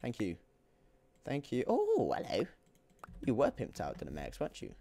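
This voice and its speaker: A young man giving excitable, jokey commentary while playing a video game, swinging between loud outbursts and quiet muttering. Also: lowish voice, a little fast, gravelly. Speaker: gaming YouTuber. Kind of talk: gameplay commentary.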